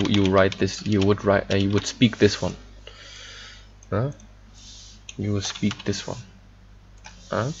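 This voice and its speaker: A man teaching a German lesson in English, halting and full of fillers as he explains pronunciation. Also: lowish voice, darkish tone, slightly rough. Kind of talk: online language lesson. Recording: dull lo-fi recording.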